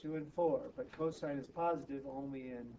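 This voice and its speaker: A man teaching math to students, brisk and teasing, often checking in with quick questions. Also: a little high, steady tone. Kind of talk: classroom tutoring. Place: classroom. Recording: distant, muffled, noisy classroom recording.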